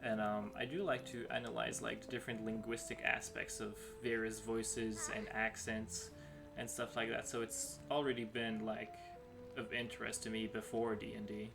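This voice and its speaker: A man's voice: lowish voice, level tone, moderate pace, gravelly, music in the background. A young adult man casually commenting while playing a game, rambling with many fillers and asides. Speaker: let's play host.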